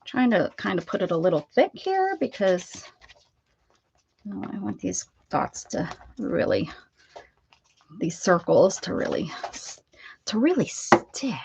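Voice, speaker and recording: A woman's voice: sing-song, unhurried, gravelly, long pauses, a little mellow, a little hiss or hum. A woman hosting a casual craft livestream, chatting to viewers and cooing at her dog as she works. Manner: chatty, coos at her dog in a high baby-talk voice.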